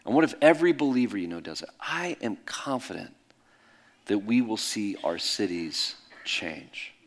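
A middle-aged man preaching in a candid, conversational way, swinging between loud bursts and soft hushed asides. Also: on the low side, animated, moderate pace. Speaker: pastor. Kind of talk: sermon storytelling.

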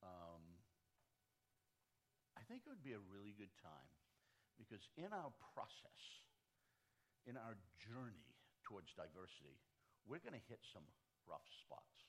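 A man's voice: lowish voice, sing-song, unhurried, pauses often. A man with a Northeastern US accent preaching a sermon to a church conference, stacking short phrases into lists and restarting often. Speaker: pastor addressing a church conference.

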